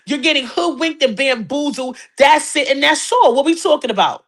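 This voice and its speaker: A middle-aged woman hosting a hip hop gossip show, brash, profane and animated, talking straight to viewers. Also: high voice, moderate pace, few pauses. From New York City, Queens. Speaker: podcast host.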